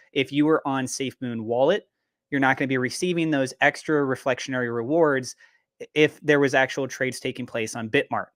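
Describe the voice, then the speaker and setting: A man's voice: medium pitch, no echo. A man with a mid-range voice explains a topic fluently on a live crypto round table. He goes through it step by step without hesitating. The recording is dry and close. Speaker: crypto content creator. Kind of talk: live panel discussion.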